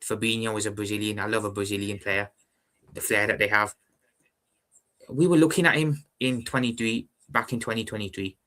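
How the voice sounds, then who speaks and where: A young man with a bright, forward voice pitched on the low side hosts a football fan livestream. His delivery is calm and measured, and he repeats phrases often. He chats casually with viewers, calling them brother.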